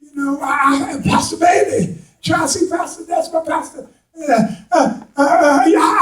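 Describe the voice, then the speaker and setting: Impassioned high-voiced preacher in echoey church. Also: male voice, unhurried. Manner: impassioned, rising to shouts, folksy Southern turns of phrase. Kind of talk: preaching a sermon with congregation responses. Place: church sanctuary. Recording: echoey hall, voice from a distance.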